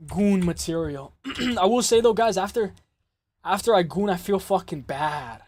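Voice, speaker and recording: A man with a rather high voice hosts a live fight stream in a loose, casual way. He swears freely and chats straight back to his viewers. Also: lively intonation, unhurried, darkish tone. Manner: loose, swearing, reads chat aloud. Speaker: host of a live MMA stream.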